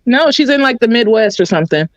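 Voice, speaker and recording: Teasing woman with a lively voice. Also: a little high, fast talker, muffled recording. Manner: teasing, playfully trolling. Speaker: stream guest. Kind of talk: casual livestream banter.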